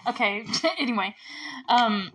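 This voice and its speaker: A woman's voice: on the high side, lively intonation, a bit bright, slightly rough, poor audio. Woman podcast host, casual recap chat, giggly and chatty. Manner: giggly, chatty, retells scenes with quick quotes.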